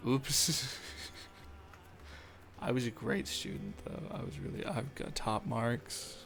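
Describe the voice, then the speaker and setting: With faint music underneath, a young man talks slowly on a live stream at a medium pitch, leaving long pauses. His chat is rambling and filler-heavy, and he keeps making jokes about himself.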